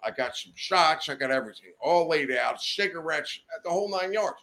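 A man's voice: a little high, animated, normal speed, pushed and bright. Foul-mouthed man spinning a rambling tale. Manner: swears often, rambling, laughs mid-story. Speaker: podcast guest. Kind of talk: profane anecdotal storytelling. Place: podcast studio.

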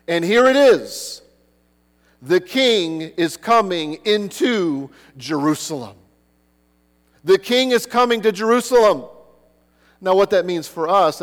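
A man's voice: sits high, in a large hall. A man preaching a sermon, earnest, who keeps asking the listeners rhetorical questions. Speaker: pastor.

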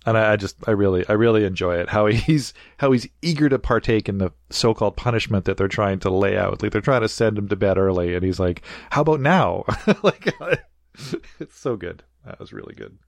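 A man's voice: fairly low pitch, expressive, a little fast, gravelly, no echo, clean studio sound. A man hosting a casual film-discussion podcast, talking with enthusiasm, laughing often and acting out quoted lines. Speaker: podcast host.

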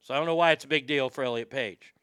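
A man's voice: medium pitch, quick pace, fairly bright tone, clean tone, no room sound. A man hosting a talk show, delivering a sarcastic, dismissive monologue full of stumbling restarts. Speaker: podcast host.

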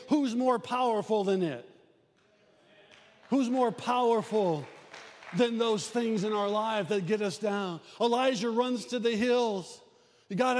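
A man preaching a sermon to a church, animated and acting out the voices he quotes. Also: big-room sound. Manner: animated preaching, acts out quoted voices, rises and drops in pitch.

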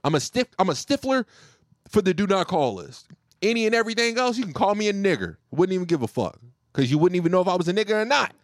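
A man telling a profane, joking story about his telemarketing job, animated and casual. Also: high-pitched, quick pace, no room sound, studio quality.

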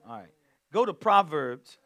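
High, lively, bright-voiced fervent pastor. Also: male voice, a little slow. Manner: fervent, exclaiming and humming between points; calls on the congregation to respond. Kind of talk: sermon.

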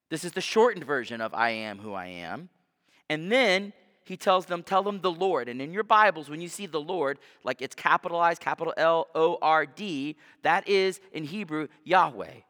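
Male pastor, bright forceful tone, casual sermon delivery. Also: a little high, expressive, normal speed. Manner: conversational preaching, acts out quoted voices. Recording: long reverb of a church hall.

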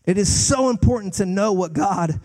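High-voiced man preaching with passion. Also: normal speed. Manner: impassioned preaching, swinging from loud peaks to hushed lines. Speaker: guest pastor. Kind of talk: sermon.

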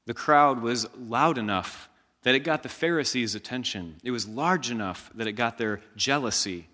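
A man preaching a sermon as pastor, slow and emphatic, leading the congregation in call-and-response shouts. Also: mid-range voice, in a large hall.

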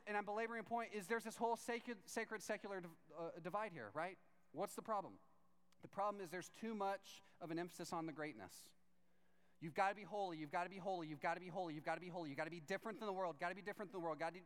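Lively young preacher in a reverberant hall. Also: male voice, high-pitched, clear, resonant tone. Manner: storytelling with quoted voices, frequent "right?" tag questions. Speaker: pastor. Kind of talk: sermon.

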